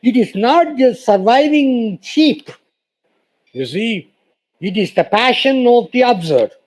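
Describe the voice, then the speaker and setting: A man's voice: very high-pitched, animated, takes it slowly, poor audio. A man gives a formal lecture as a guest speaker, emphatic and repeating "you see" often. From India.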